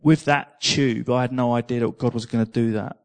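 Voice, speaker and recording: A man preaching to a congregation, his voice sitting at an ordinary middle pitch. He tells a personal testimony conversationally, repeating words as he goes and slipping in small laughs. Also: steady tone, a little fast.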